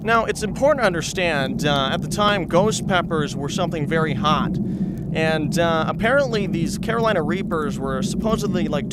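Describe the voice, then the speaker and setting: A high-pitched man spins a long comic anecdote in character as a reporter. He meanders and chats straight to his viewers, full of asides and fillers. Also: heavy background noise. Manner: chatty, meandering, addresses viewers. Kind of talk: comedic rambling anecdote.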